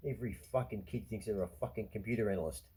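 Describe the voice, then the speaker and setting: A middle-aged Australian man swearing his way through a heated rant, blunt and quick to anger. His voice is dark and very husky, sitting slightly low. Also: poor audio. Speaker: show host. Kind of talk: profane monologue.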